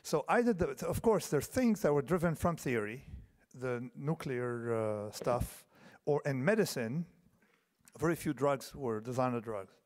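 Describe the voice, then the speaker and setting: In a large conference hall with long reverb, a keynote speaker in his fifties lectures in a medium-pitched, slightly mellow voice. He is unhurried but lively in intonation. His talk rambles through digressions and restarts, and he regularly asks the audience "okay?"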